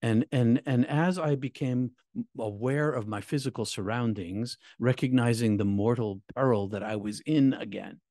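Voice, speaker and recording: A middle-aged man and minister recounting his near-death experience in an emotional, halting way, repeating words, his voice climbing high at painful moments. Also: dark tone, dry recording, clean studio sound. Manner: halting, repeats words, voice rising high when reliving pain. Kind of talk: emotional personal storytelling.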